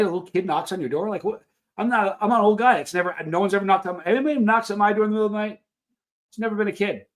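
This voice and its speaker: Middle-aged male stream host, slightly high voice, loose rambling anecdotes full of restarts. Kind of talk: casual storytelling to a live chat.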